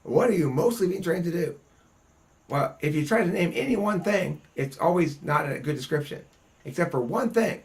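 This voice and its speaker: A man hosting a casual group discussion, talking bluntly and profanely in an animated, ranting way. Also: fairly high pitch, normal speed. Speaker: host.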